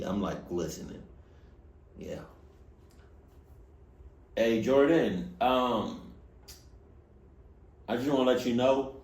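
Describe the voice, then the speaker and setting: A man hosting a reaction video, joking loudly and then trailing off to mutters. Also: mid-range voice, echoey room. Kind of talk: comedic reaction commentary.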